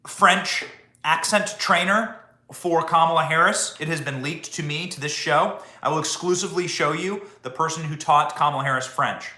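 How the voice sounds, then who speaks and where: A male host rants sarcastically through political commentary, stumbling over fillers and restarts. His voice is bright and forceful, and a roomy echo hangs around it. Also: on the high side, moderate pace. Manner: sarcastic, ranting, with many fillers.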